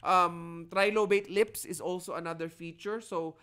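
A man with a Filipino accent giving a live online lecture to students, switching between Tagalog and English and teasing the class, energetic even though he is sick. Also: high voice, normal speed, clean tone. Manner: Taglish code-switching, teasing and animated. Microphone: video call.

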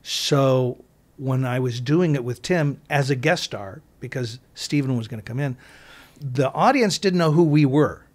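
A man's voice: mid-range voice, unhurried. Man rambling through an interview story. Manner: rambling with frequent restarts and asides. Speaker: actor guest.

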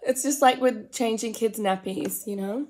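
Aussie lady in her 40s doing a jokey makeup vlog, higher voice, rambly and self-mocking, keeps whispering little asides. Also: normal speed, background noise. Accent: Australian. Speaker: makeup vlogger. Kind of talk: comedic get-ready-with-me chat.

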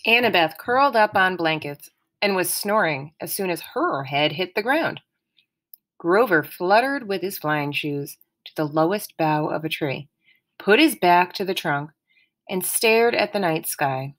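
A woman reading an audiobook chapter aloud in a measured, expressive storybook manner. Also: on the low side. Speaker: audiobook reader. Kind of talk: audiobook narration.

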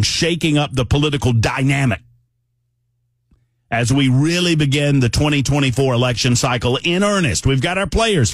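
A man's voice: medium pitch, no room sound, studio quality. A man hosting a political talk radio show, speaking in a conversational, emphatic monologue that often wanders off on tangents.

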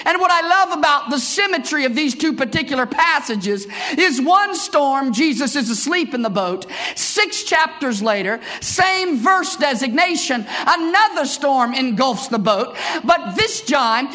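A male pastor preaching to a church congregation, his voice sitting unusually high and ringing with a bright, forceful edge. He moves between measured scripture storytelling and passionate, shouted declarations. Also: animated. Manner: impassioned preaching that rises into shouted bursts. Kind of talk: sermon.

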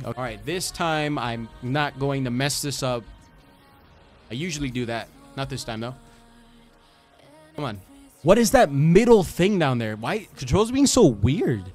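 A young man giving excitable commentary over his own gameplay, talking to the enemy and exclaiming as he plays. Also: medium pitch. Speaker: gaming YouTuber.

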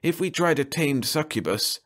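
A male narrator voicing an older, cautious court physician in a fantasy audiobook, speaking in a measured, learned way. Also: fairly high pitch, expressive, fairly bright tone, pitched above the performer's own voice. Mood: wary.

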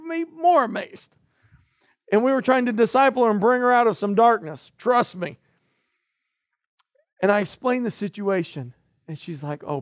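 A middle-aged man delivers a sermon from the pulpit in a notably high voice. He tells stories with lively energy, rising to loud bursts and dropping to quiet asides. The sound is dry and close, with little room reverb. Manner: animated storytelling, swinging from loud to hushed. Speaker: pastor. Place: church.

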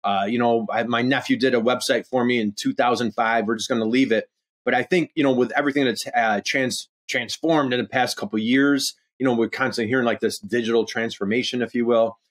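A man talking as a guest on a business podcast, eager and rambling, with plenty of fillers. His pitch sits in an ordinary middle range for a man. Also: steady tone, fairly quick. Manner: enthusiastic, rambling, heavy use of "you know" and "uh". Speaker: podcast guest, e-commerce consultant. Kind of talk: conversational interview.

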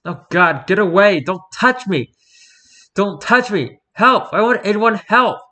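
A man's voice: mid-range voice, normal speed, sharp tone, lightly acted. A man voicing a panicked male convict prisoner who pleads and begs. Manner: pleading, then frantic and screaming.

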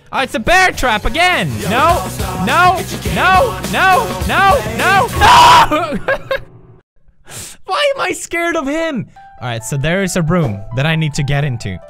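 A man in his twenties commentating a horror game, talking to himself, yelping and cursing when scared. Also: mid-range voice. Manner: jumpy, screams and swears, talks to himself. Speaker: gaming video host.

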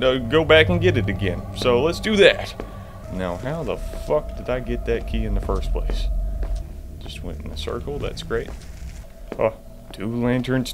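A man's voice: medium pitch, a little hiss or hum. A man giving jumpy, profane commentary to himself while playing a horror game. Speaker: gamer.

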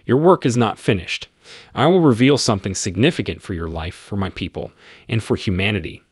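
A man voicing the Lord as a calm, reassuring, fatherly figure in a spoken story. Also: lowish voice, brisk, husky, no echo, studio quality. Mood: gentle. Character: gentle, patient divine male Lord.

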